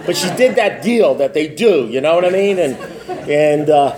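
A man giving a humorous, rambling talk at a recovery meeting, repeating himself, often asking "you know what I mean", and dropping lower to quote his sponsor. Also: lively intonation, moderate pace, darkish tone.

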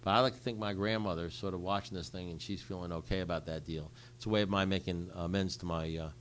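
A man's voice: deep voice, fairly even intonation, quick pace, a little hiss or hum. An older man telling a personal recovery story to a group, speaking bluntly and conversationally and repeating phrases for emphasis.

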